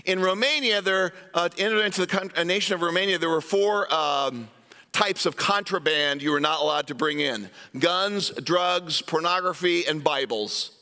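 Brief: male pastor, fifties or older, storytelling sermon in a reverberant sanctuary, high voice. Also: normal speed. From Iowa, US. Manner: storytelling preacher, animated asides to the congregation. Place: church sanctuary. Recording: long hall reverb from a church sanctuary.

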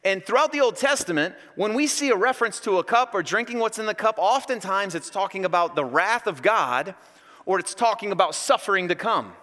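Male pastor, sermon, bright high voice, jokey and animated, in a reverberant church hall. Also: brisk. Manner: animated, joking storyteller.

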